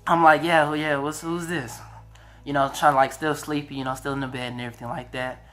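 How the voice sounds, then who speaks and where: A young man, telling a heartfelt personal testimony in a casual, animated way, often praising God. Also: on the high side, a little fast, faint music behind. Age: 20s. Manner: animated, emotional, religious. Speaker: vlogger.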